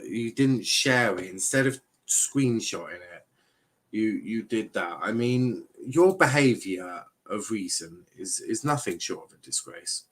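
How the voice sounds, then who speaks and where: Give me a young man from England commentating a match live for his stream, slow and easygoing, with a fairly low voice. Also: animated, a bit bright, low-quality recording. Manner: chatty, mock-outraged banter with chat, many restarts. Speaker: watchalong streamer. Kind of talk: casual live football watchalong commentary.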